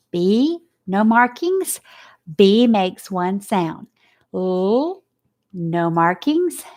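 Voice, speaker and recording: A woman teacher giving a spelling lesson to children, slowly sounding out letters, asking questions and praising answers. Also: medium pitch. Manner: slow, sounding out letters and phonics.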